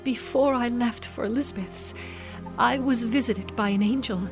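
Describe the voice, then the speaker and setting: A woman voicing an earnest, steadfast young woman who pleads to be believed, over soft music. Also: a little high, normal speed, natural voice.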